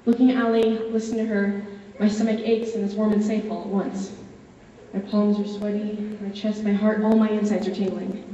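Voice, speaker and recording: A woman's voice: medium pitch, flat delivery, moderate pace, dark tone, a little hiss or hum. A young woman in her late teens giving a dramatic interpretation performance, narrating in the first person with earnest, emotional storytelling. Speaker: competitor. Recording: echoey hall from far off, dull.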